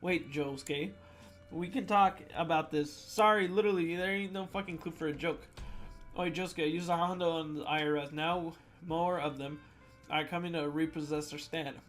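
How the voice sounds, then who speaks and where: A man reading submitted fan jokes out loud in a playful comedic voice, with sudden loud swings. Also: on the high side, fairly even intonation, moderate pace, soft background music.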